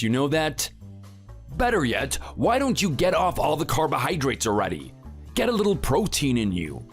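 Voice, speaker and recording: A boastful muscle-bound bully, voiced by a man in a texting story. He taunts and sneers in a lively, rising and falling voice. Faint music plays under the read. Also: medium pitch. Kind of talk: text-to-speech texting story.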